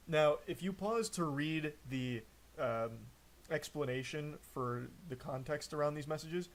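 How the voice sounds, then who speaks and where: A man streaming live, mocking and picking apart text messages as he reads them aloud, swearing often. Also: fairly high pitch. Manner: incredulous, mocking commentary with frequent swearing. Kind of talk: live-stream reaction commentary.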